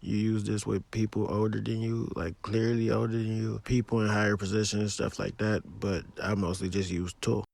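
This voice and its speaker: Male teacher, low gravelly voice, dry close sound, relaxed plainspoken delivery for a casual lesson. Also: normal speed, few pauses. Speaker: language teacher.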